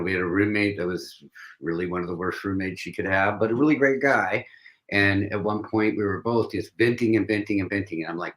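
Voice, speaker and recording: A man's voice: on the low side, roomy sound. A man appearing as a guest on a casual livestream chat, reflective and telling personal stories with frequent restarts.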